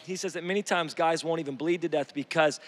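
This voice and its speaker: Animated preacher man in a big hall. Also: fairly high pitch, fast. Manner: animated, joking, shifts from shouting to quiet. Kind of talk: energetic sermon. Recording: long hall reverb.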